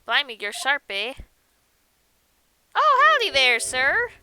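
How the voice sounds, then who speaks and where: A woman voicing an excitable, bumbling male police inspector who blusters and gushes. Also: sits high, brisk, dry recording. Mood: blustering. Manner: blustering, gushing. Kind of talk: game dialogue read aloud.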